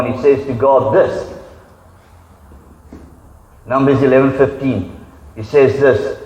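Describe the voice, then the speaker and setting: A man's voice: medium pitch, a little mellow. A man, a pastor preaching a conversational sermon and acting out quoted voices. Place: church hall. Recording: echoey hall, dull sound.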